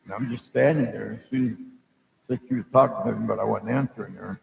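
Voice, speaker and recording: Middle-aged male psychic host, rough gravelly voice, meandering spoken story, booming echoey room. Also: fairly quick, crowd noise. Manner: meandering, loses his thread, many fillers. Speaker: psychic storyteller hosting a live stream. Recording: echoey room with long reverb.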